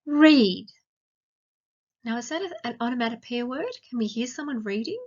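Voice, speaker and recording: A woman teacher with an Australian accent, giving a recorded grammar lesson to young children and asking slow, clear, sing-song questions. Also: fairly high pitch, expressive, dull audio, noisy background. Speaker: primary school teacher.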